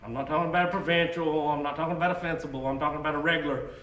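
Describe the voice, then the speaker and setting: Racing along in a high-ish, fairly bright voice with fairly even intonation, a Southern-accented man talks casually about muskets to a reenactor group. Folksy in style, he keeps checking in with "okay?". The audio is echoey from a distant mic, with faint background noise.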